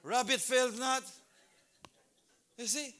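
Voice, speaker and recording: A man preaching a sermon at a church service, telling a story with lively acted-out scenes. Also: extremely high pitch, slow pace. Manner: animated storytelling, acts out scenes.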